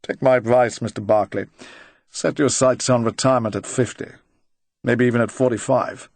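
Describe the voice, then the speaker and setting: A man voicing a dry, probing retired agent of fifty, speaking slowly and quietly. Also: mid-range voice, steady tone, no echo, natural voice. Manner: slow, quiet, deliberate.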